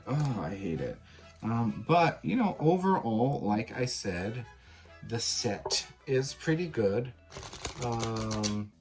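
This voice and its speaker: A man casually reviewing a tarot and oracle deck, candid and blunt, swearing and using lots of fillers. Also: on the low side.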